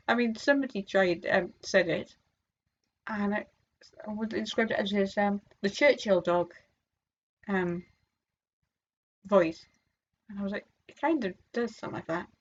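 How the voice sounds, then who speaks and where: Rambling woman vlogger, dull sound. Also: medium pitch. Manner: rambling, full of fillers and restarts. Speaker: fan vlogger. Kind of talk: casual chat.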